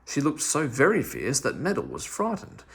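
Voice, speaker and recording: A man reading a classic children's story aloud in an animated, expressive way. His voice is gravelly and somewhat husky, with a middle pitch. It rises and falls a lot as he tells the story. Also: normal speed. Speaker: storybook reader.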